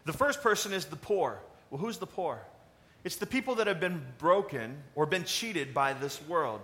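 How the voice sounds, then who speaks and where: A man preaching a sermon in a conversational, animated way, asking the congregation questions. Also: a little high, normal speed. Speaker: pastor.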